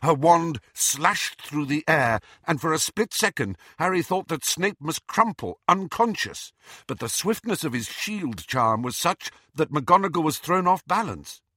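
A man narrating an audiobook in an expressive, dramatic reading. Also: on the high side, measured pace, no room sound, clean studio sound. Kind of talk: scripted narration.

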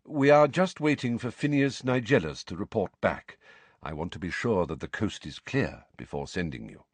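A man voicing a calm, commanding elderly wizard headmaster who speaks in a measured, grave way. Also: on the low side, husky, no echo.

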